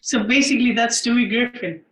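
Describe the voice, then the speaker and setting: A man's voice: extremely high pitch, a little fast, a crowd in the background. A man co-hosting a podcast, chiming in with short, blunt remarks. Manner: brief, blunt interjections. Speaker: podcast co-host. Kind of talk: casual chat. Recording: roomy echo.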